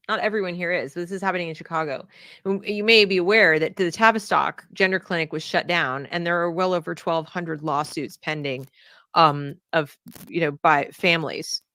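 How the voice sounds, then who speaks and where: A woman giving video commentary on a clip, talking with halting restarts and sudden emphasis. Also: low voice, a bit bright, dry recording, studio quality. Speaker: online commentator.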